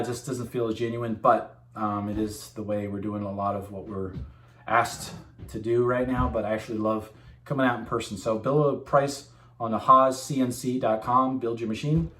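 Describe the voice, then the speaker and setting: A man's voice: medium pitch, fairly bright tone, reverberant. A man working as a machine tool sales rep gives a casual, candid update to camera. He rambles and often corrects himself.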